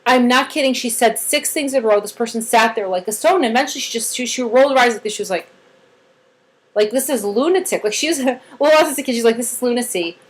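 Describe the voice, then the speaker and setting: A woman's voice: on the high side, fast, low-quality recording. A woman trainer explaining a therapy method in casual talk, acting out quotes and filling her speech with "like". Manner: animated storyteller acting out quotes, many "like" fillers; cheerful voiced praise bursts.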